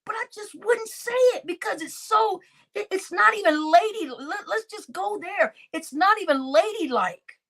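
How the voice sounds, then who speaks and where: A woman's voice: extremely high pitch, animated, normal speed, vocal fry, fairly bright tone. A woman giving an indignant, exclaiming livestream commentary, talking straight to her chat.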